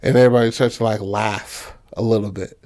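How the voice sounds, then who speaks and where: A man casually pitching a film story, loose and profane, full of fillers, acting out characters in quick bursts. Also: steady tone, a little mellow.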